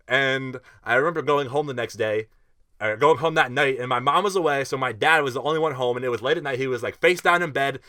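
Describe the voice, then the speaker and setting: A young man telling a festival story in a casual vlog, animated and slangy, with lots of fillers and swearing. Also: mid-range voice, dry recording, clean studio sound.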